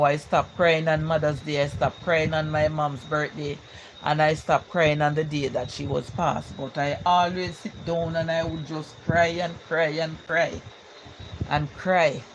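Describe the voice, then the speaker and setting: An older woman with a Jamaican accent talks casually on a live stream, reading viewer comments aloud. She speaks in a heartfelt, repetitive way and keeps coming back to her main points. Clear background noise runs under her voice. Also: lowish voice.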